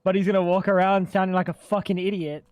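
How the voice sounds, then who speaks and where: A man's voice: high-pitched, little pitch movement, fast, darkish tone, no echo, faint music behind. A young man livestreaming a game, bantering with his chat in a joking, profane way. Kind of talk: casual gaming livestream chat.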